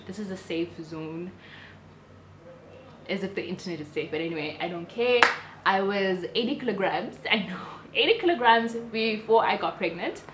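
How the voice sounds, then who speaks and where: Chatty South African woman, roomy sound. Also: medium pitch. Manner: animated, chatty, restarts sentences. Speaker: vlogger. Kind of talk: casual storytelling to camera. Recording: roomy room with faint ambient noise.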